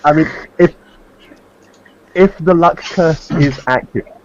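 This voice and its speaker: A man's voice: on the high side, slow pace. A man playing a tabletop game, thoughtfully explaining his character's moves. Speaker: player. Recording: dull lo-fi audio with faint noise.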